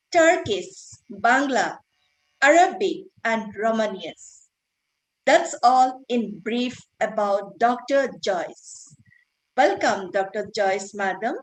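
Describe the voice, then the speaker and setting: A woman presenting a webinar and introducing a guest speaker in a formal, measured way over a video call. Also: a little high, poor audio.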